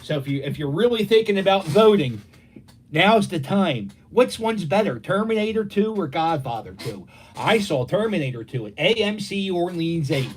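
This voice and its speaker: A man's voice: high-pitched, big pitch swings, moderate pace, husky. Middle-aged philly guy rambling on a home livestream, voice jumping up and down a lot, acts out voices in his stories. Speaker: live stream host. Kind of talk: casual rambling storytelling. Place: dining room at home.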